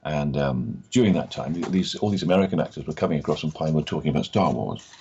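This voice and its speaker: A man's voice: very deep voice, fast talker, dull audio, background noise. An older Scottish man, an actor guest in an interview, telling stories and acting out the voices of people he quotes. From Scotland. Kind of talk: anecdotal interview storytelling.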